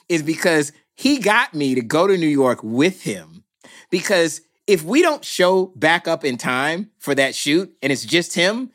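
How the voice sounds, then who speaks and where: Man, film producer, animated storyteller, acts out voices, high-ish bright voice, very expressive pitch. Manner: acts out voices in anecdotes, swings from hushed to exclaiming.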